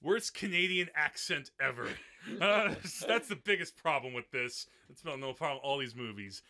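A man's voice: medium pitch, normal speed, sharp tone. A male podcast host in a casual film discussion, talking in a chatty way with many fillers and frequent laughs.

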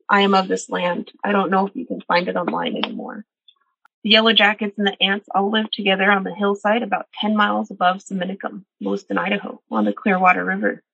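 A woman's voice: mid-range voice, bright, forceful tone, breathy edge, dry recording. A woman storyteller reading a traditional animal tale aloud and reflecting earnestly on its lessons. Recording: dull, dry recording.

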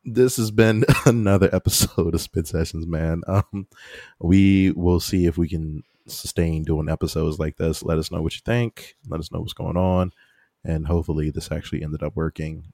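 A man's voice: low voice, fairly even intonation, moderate pace, warm tone, no echo, studio quality. A man co-hosting a podcast in casual, rambling chat, laughing often. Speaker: podcast co-host.

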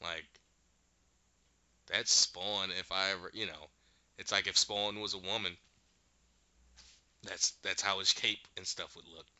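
A man's voice: low voice, flat delivery, measured pace, pauses often, pushed and bright, dry recording, highs cut off. A man casually recapping a show, animatedly retelling scenes and acting out the characters' lines. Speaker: podcast host recapping a show.

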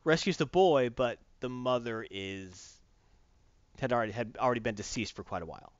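A man's voice: mid-range voice, expressive, normal speed, no echo. A man casually reviewing a comic book, retelling it in a rambling, enthusiastic way, in a dull lo-fi recording.

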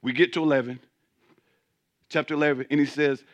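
A man's voice: on the high side, steady tone, brisk, muffled recording. A man preaching a sermon as pastor, emphatic, repeating words as he restarts and calling out to his listeners. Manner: calls out to the congregation.

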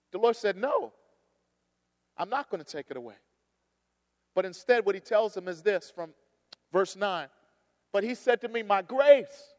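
Man, pastor, high voice, sermon, swings loud to hushed, echoey church hall. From United States. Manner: dynamic preaching, swinging between loud emphasis and hushed storytelling. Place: church sanctuary.

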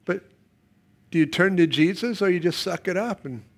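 Man, middle-aged, pastor, sermon, higher voice, quiet drops and loud emphatic bursts. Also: moderate pace.

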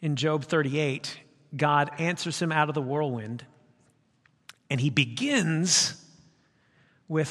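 A man's voice: on the high side, slow pace, long pauses, fairly bright tone. Man preaching in a reverberant church. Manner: emphatic, conversational preaching. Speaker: pastor. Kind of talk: sermon. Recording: long hall reverb.

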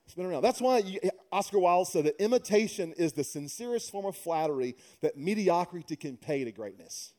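A man's voice: high voice, lively intonation, brisk, hardly any pauses, a little mellow. A middle-aged man preaching a sermon, mixing humorous conversational stories with emphatic preaching. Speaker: pastor.

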